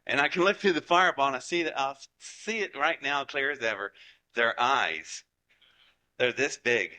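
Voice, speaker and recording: A man from Ohio in his forties spins a folksy story for a live audience. His voice rings bright and sharp, and he jumps in and out of the voices of the people in his tale. His pitch sits in an ordinary middle range. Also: moderate pace, poor audio. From Ohio, United States. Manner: animated and folksy, acting out what people said. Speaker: speaker giving a talk to an audience.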